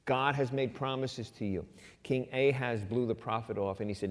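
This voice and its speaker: A middle-aged man preaching a sermon as pastor, conversational, rising loud for emphasis and dropping quiet for personal asides. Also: medium pitch, moderate pace. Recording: long hall reverb.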